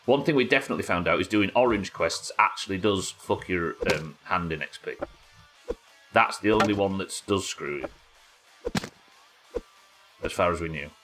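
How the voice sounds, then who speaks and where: A man's voice: sits low, moderate pace, long pauses, music in the background. A man streaming a game live, chatting casually with his viewers and co-players, swearing now and then as he answers their questions. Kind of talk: live gaming stream chat.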